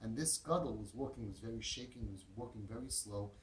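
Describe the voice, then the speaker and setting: A man's voice: lowish voice, a little fast. A man telling a heartfelt story with emphasis, repeating words and using Yiddish and Hebrew terms. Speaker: parenting speaker. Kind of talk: storytelling talk. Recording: roomy echo, distant mic, faint noise.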